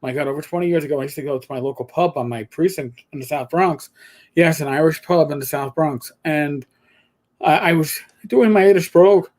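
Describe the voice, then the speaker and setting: A man's voice: fairly high pitch, brisk. Rambling older New man. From New York. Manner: rambling, animated storytelling with restarts. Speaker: co-host. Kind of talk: casual chat.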